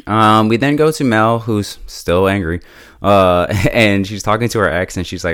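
Low-voiced chatty man recapping a show. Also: unhurried, smooth, no echo, studio quality. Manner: relaxed, chatty, laughs often, heavy use of "like" and "yo". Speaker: TV show reviewer. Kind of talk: casual episode recap and review.

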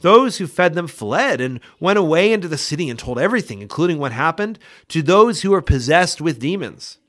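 A man reading Bible passages aloud for a daily scripture podcast, in a measured, expressive way. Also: on the high side. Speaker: scripture reader.

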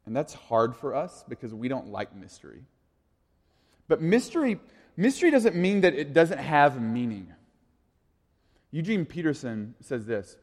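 A man's voice: on the high side, very animated, a little slow, long pauses. A man in his thirties giving a casual, conversational sermon as a youth pastor, in an echoey hall. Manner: casual, conversational, full of "like" and restarts.

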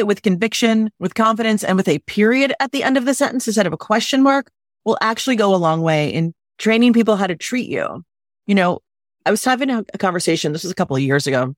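A woman's voice: mid-range voice, dry recording, studio quality. A woman wedding planner talking emphatically in a casual podcast interview, often acting out little quotes. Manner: emphatic, animated, acts out quotes. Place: lives in Los Angeles.

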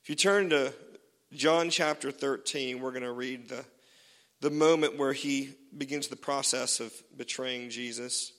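A man's voice: medium pitch, steady tone, a little slow, fairly bright tone, in a large hall. A man preaching a sermon as pastor, casual and joking, with many fillers.

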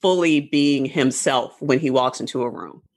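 A man's voice: medium pitch, normal speed. A man hosting a conversational interview, encouraging his guest and prompting her with questions.

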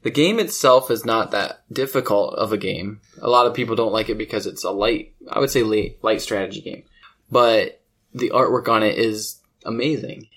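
A man's voice: on the low side, normal speed, fairly bright tone, breathy edge. A man hosting a podcast, chatting casually and telling stories with easy laughs. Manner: chatty storytelling, laughs easily. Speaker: podcast host. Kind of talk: casual chat about board games.

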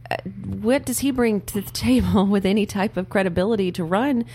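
A woman's voice: medium pitch, a little fast, mellow, slightly rough. A woman co-hosting a political podcast in a studio, speaking earnestly and laughing between points. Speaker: podcast co-host.

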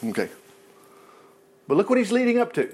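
A man preaching a sermon in an animated way, acting out the voices of churchgoers as he reads and explains scripture. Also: extremely high pitch, a little fast, husky.

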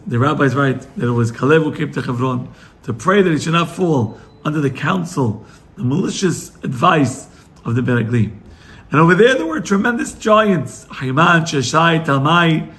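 A man, a rabbi, giving a Torah lesson, telling the story with animated, acted-out quotes. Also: on the high side. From United States. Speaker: rabbi teaching weekly Torah portion.

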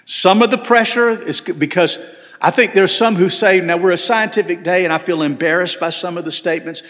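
A middle-aged male pastor preaches earnestly, his voice sitting a little high and climbing on emphatic points. The sound carries the long reverb of a large church sanctuary. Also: brisk, a bit bright. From Southern United States. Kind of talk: sermon.

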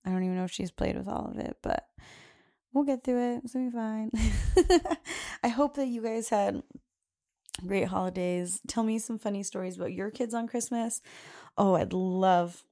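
A woman's voice: mid-range voice, normal speed, dark tone. A young adult woman hosting a podcast, telling a casual story and quoting her little daughter in a raised voice. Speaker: podcast host.

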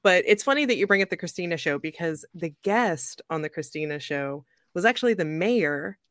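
A young adult woman hosting a podcast, telling a story in a lively, joking way and laughing often. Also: lowish voice, a little fast, dry recording, clean studio sound. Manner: animated, jokey, laughs often. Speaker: podcast host. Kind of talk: casual storytelling chat.

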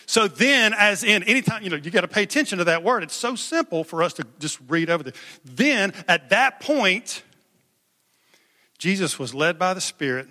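A man's voice: fairly high pitch, sharp tone. A male pastor preaching a sermon in an emphatic, conversational way, calling on the congregation to respond. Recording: long hall reverb.

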